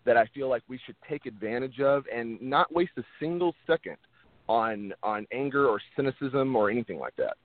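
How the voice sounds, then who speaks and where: Earnest actor on a tinny line. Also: male voice, mid-range voice, expressive, normal speed, dry recording. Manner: earnest, repeats words and restarts often. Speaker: actor, interview guest. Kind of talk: casual interview talk. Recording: tinny phone-like line, dry.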